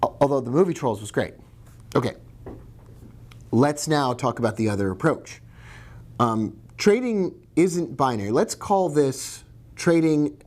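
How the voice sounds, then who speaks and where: A man's voice: medium pitch, lively intonation, unhurried, long pauses, a little mellow. A man teaching about trading in a casual video lesson, chatty and digressive, with jokes and asides. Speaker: trading educator.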